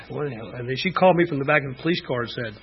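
A man's voice: medium pitch, very fast, breathy edge, dull audio. Middle-aged man telling his story. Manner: candid, rambling, frequent "you know" fillers. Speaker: speaker sharing recovery story. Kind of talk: personal testimony at a recovery meeting.

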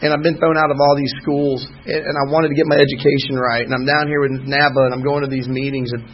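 A man's voice: medium pitch, level tone, quick pace, lo-fi sound, a little hiss or hum. A man gives a candid, rambling personal testimony at a recovery meeting, telling his story emphatically. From Georgia, US. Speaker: speaker sharing at a recovery meeting. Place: meeting room.

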